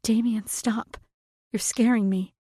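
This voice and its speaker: A woman's voice: mid-range voice, moderate pace, dark tone, breathy edge, dry recording, clean studio sound, voice pushed up, natural voice. A woman voicing a frightened young heroine who asks raised, anxious questions in an audiobook.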